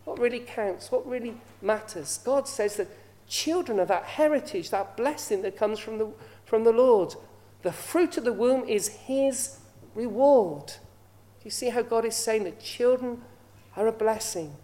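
A woman's voice: on the high side, a little slow, mellow. A woman preaching a sermon, often asking her listeners rhetorical questions.

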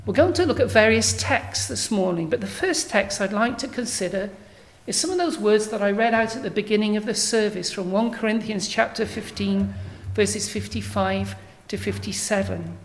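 A woman preaching a sermon in a measured, emphatic way, building to strong declarations. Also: medium pitch.

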